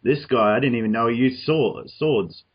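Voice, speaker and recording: A man's voice: mid-range voice, moderate pace, husky, dull audio. An Australian man hosting a casual discussion over an online call, rambling with many restarts and fillers. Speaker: podcast host.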